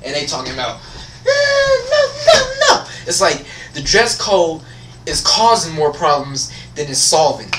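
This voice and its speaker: A man's voice: on the high side, lively intonation, moderate pace, noisy background. A teenage boy telling a school story as a casual, profane, frustrated rant. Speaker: vlogger. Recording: echoey room, voice from far off.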